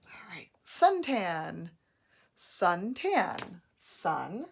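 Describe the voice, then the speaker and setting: A woman teaching a phonics lesson, sounding out words slowly and clearly, syllable by syllable. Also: fairly low pitch, animated, a little hiss or hum.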